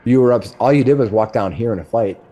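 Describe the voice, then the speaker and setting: A middle-aged man narrating as game master, describing rooms in a halting way with many restarts. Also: mid-range voice, warm tone, highs cut off.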